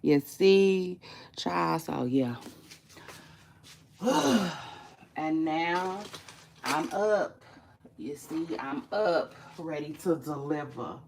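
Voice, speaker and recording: A woman vlogging in casual chat to camera, animated, profane and chatty, talking straight to her viewers. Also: low-pitched, extremely slow, long pauses, slight background noise.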